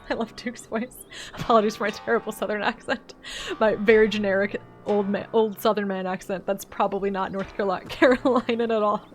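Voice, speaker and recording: A woman's voice: mid-range voice, steady tone, brisk, faint music behind. A woman streamer chatting casually while playing a horror game, with laughing, self-deprecating asides. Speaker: let's-play streamer.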